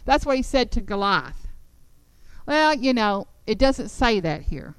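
A woman teaching the Bible to a group in an animated, emphatic storytelling manner. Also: mid-range voice, slow, smooth, no echo, low-quality recording.

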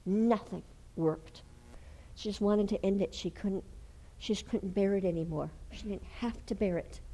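A woman preaching a sermon and telling a healing story, dropping to hushed whispers and then rising to loud, fervent exclamations. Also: mid-range voice, normal speed, rough recording. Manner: storytelling with acted quotes.

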